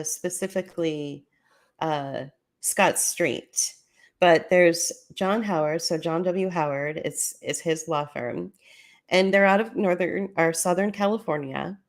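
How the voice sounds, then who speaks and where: Low-voiced woman hosting a solo commentary. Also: slow pace. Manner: conversational, explaining documents on screen. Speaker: podcast host.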